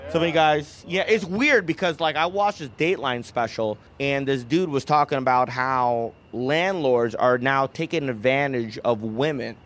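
A man's voice: mid-range voice, moderate pace, few pauses, fairly bright tone. A young man doing a stand-up comedy set in a club. He rambles and keeps laughing at his own jokes. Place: comedy club with live audience.

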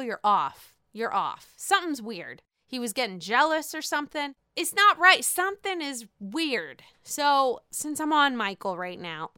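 Bright, animated woman recapping casually. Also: medium pitch, moderate pace, clean tone, no echo, studio quality. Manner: animated, profane, mimics people with squeals. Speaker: recap podcast host.

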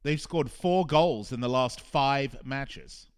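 A man's voice: mid-range voice, slow pace, clean tone. A male soccer radio host giving a frustrated, emphatic talk monologue, repeating phrases for punch. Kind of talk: opinionated sports talk monologue.

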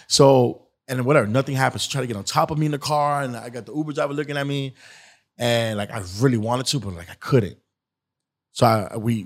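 Man, guest, rambling casual story, animated quoting. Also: mid-range voice. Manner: rambling, animated, acts out quotes. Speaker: guest, skit creator.

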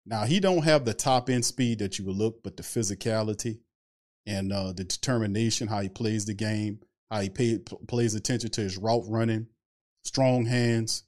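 On a casual sports talk livestream, the male host has a fairly low, slightly mellow voice and talks at normal speed. He keeps things loose and chatty, greeting chat viewers by name.

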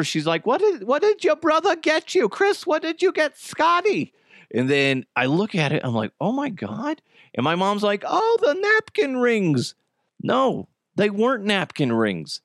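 A man's voice: medium pitch, fairly bright tone, dry recording, studio quality. A man hosting a podcast, telling crude, jokey stories in a casual monologue and laughing often. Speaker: podcast host.

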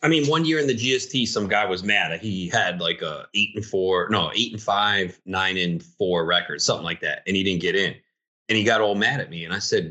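A man's voice: on the low side, animated, a little fast, sharp tone. A young man co-hosting a casual podcast chat, ranting heatedly as a league commissioner.

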